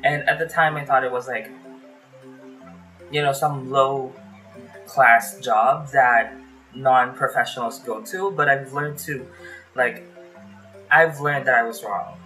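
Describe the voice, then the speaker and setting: A man from the Philippines telling call center stories in a casual vlog, chatty and full of fillers, recorded in a small warm bedroom with a fan running. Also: medium pitch, fairly even intonation, slow pace, pauses often, soft background music, rough recording. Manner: chatty, lots of "like" fillers, acts out phone calls. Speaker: vlogger.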